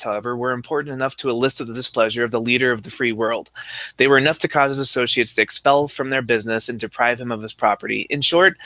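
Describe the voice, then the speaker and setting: Bright-voiced man, dry podcast co-host. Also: medium pitch, no echo. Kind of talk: casual chat, reading aloud.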